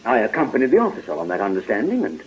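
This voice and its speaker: An actor playing a proud, flustered older army colonel in a radio drama, speaking in a clipped, formal and indignant way. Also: male voice, mid-range voice, wildly swooping pitch, racing, a little hiss or hum. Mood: defiant. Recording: dull lo-fi archive radio recording.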